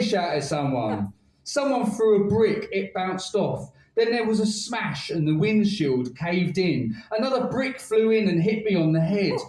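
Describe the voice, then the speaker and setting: Male spoken word poet, wry comic storyteller, lively swooping delivery, recorded at a distance in a roomy venue. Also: high-pitched. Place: live spoken word night with an audience.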